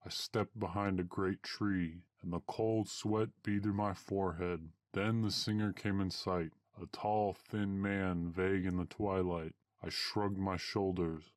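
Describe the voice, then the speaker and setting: Man, storybook narration, measured and old-fashioned, deep voice, dry close sound. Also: fairly even intonation, no room sound.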